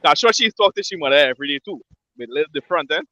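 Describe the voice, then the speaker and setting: A man hosting a casual men's panel, brisk as he moves the talk along. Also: on the high side, lively intonation, sharp tone, dry recording. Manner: brisk, moderating. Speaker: host. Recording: dry, dull lo-fi sound.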